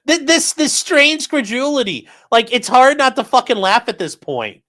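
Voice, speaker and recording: A man's voice: very high-pitched, huge pitch swings, normal speed, few pauses, sharp tone. A man hosting his channel, mocking a court filing in profane, incredulous commentary and talking to his live chat. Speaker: channel host.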